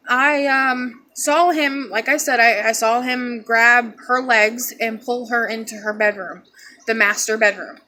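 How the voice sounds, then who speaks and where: A young woman telling a painful personal story to her viewers, tearful, halting and repeating herself. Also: on the high side, sharp tone. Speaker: vlogger.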